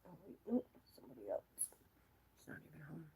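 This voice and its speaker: A woman's voice: low-pitched, big pitch swings, brisk, vocal fry, mellow, slight background noise. A giggly, silly woman chatting casually with her viewers, rambling and laughing often. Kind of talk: casual live chat.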